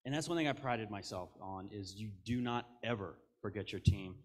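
A man's voice: lowish voice, normal speed. Candid, jokey American man giving a keynote. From United States. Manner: candid, jokey, animated storytelling with quoted asides. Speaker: keynote speaker. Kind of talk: conference keynote talk. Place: conference stage.

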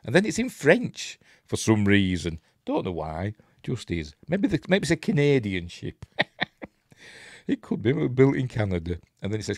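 A man's voice: lowish voice, big pitch swings, moderate pace, no room sound, studio quality. A man with a Yorkshire accent, hosting a casual live watch-along and chatting in a rambling way while he reads on-screen text aloud. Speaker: host.

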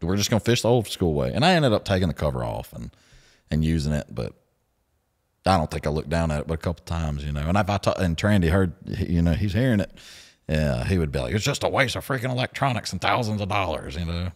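A man hosting a podcast, telling stories in a lively, laughing way and acting out what others said. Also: deep voice, fast. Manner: animated storyteller, laughs often, acts out quotes. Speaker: podcast host. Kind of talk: casual storytelling chat.

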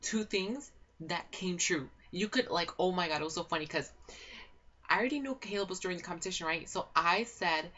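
A woman's voice: lowish voice, fast, bright, forceful tone. A young woman giving a rambling, gossipy recap of a reality show in a casual chat, full of fillers and restarts. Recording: dull lo-fi home recording with faint noise.

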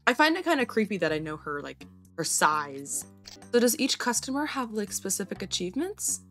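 A woman's voice: medium pitch, very animated, normal speed, a bit bright, soft background music. A woman playing a video game and commenting as she goes, chatting to the characters on screen. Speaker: gaming video creator.

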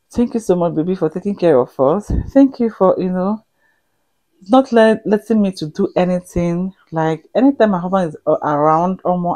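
A young woman vlogging to camera with heartfelt thanks, sighing and dropping into soft whispers at times. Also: on the low side. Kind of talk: emotional personal vlog to camera.

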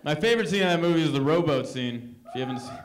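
High-voiced young stand-up comedian. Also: male voice, very fast. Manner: animated, sarcastic storytelling. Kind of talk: live stand-up set. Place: comedy club stage. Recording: noisy live comedy club.

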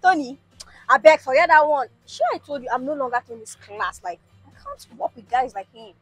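A woman's voice: sits high, expressive, fairly quick, slightly rough, no echo, faint music behind. A woman acting a dramatic, defensive mistress in a comedy skit. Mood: boastful chatty.

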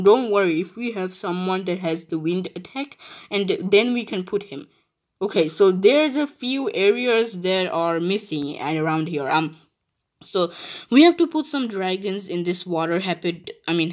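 A woman giving casual gameplay commentary, giggly and excitable, laughing often and chattering with exclamations. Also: mid-range voice. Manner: chatty, with frequent restarts and exclamations. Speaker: gaming video creator.

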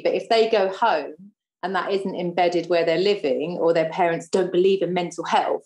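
A woman with a fairly low voice, speaking as a guest in a casual podcast panel. She talks in a conversational way. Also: darkish tone.

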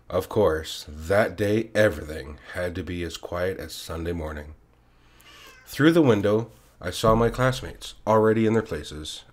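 A man reading a classic short story aloud in the first person, unhurried and expressive. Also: deep voice.

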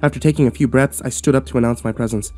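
A man's voice: mid-range voice, steady tone, a little mellow, faint music behind. Man narrating a horror story, subdued. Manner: subdued, measured first-person storytelling.

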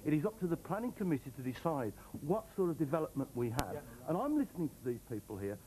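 A man's voice: fairly high pitch, sing-song, fast talker, low-quality recording. A man speaking as a councillor in a studio debate, emphatic and repetitive in making his point. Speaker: opposition councillor. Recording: TV studio with audience.

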